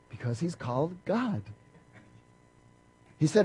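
A man preaching a sermon, quizzing his congregation and swinging between loud emphasis and hushed asides. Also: on the high side, lively intonation, a little slow, husky, low-quality recording. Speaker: pastor.

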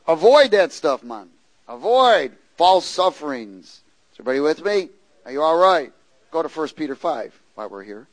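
A man preaching a sermon, emphatic, dropping to low asides and rising to shouted peaks, often calling out "Hello?" and asking the crowd questions. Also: no room sound, rough recording. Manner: frequent rhetorical "Hello?" and call-and-response questions.

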